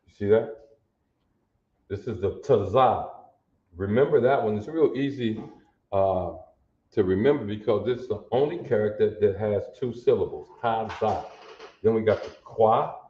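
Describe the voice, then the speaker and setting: A man teaching a language class, slow and patient, sounding out each syllable aloud. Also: on the low side, echoey room, muffled recording, a little hiss or hum. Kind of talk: classroom lesson.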